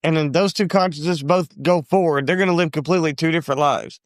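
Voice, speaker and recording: A man's voice: fairly high pitch, fast talker, no echo, studio quality. An American man co-hosting a podcast in casual chat, rambling through his ideas and restarting his thoughts. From United States. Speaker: podcast co-host.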